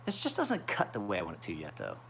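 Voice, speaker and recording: A man's voice: deep voice, huge pitch swings, fast, gravelly, noisy background. A man in his forties rambling through a casual livestream chat as a knife sharpener, with profane storytelling. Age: 40s. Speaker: knife sharpener streaming live.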